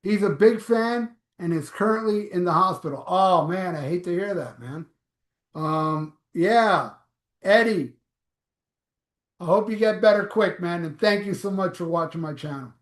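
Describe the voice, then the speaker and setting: A man's voice: high voice, a little slow, reverberant. A man hosting a live stream, reading viewer comments aloud in a blunt, offhand, profane way. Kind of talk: casual live chat.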